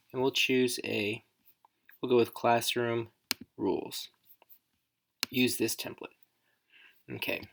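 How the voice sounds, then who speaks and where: A woman educator giving a casual, chatty screen-recorded software walkthrough, thinking aloud as she works. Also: very deep voice.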